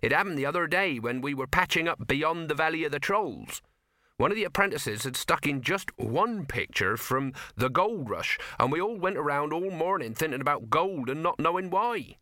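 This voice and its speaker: A man's voice: on the high side, animated, moderate pace, sharp tone, no room sound, pitched above the performer's own voice. Male reader voicing a folksy older craftsman explaining his trade, dry close sound.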